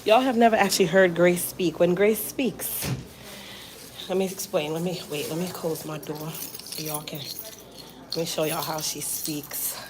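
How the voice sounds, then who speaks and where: A woman's voice: lowish voice, steady tone, measured pace, background noise. A woman hosting her hair care channel, chatting casually with viewers in a playful, teasing, slangy way.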